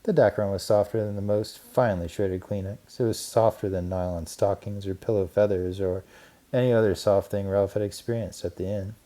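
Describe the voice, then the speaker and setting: A man gently and expressively narrating a children's storybook. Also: fairly low pitch, fairly even intonation, moderate pace. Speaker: audiobook narrator.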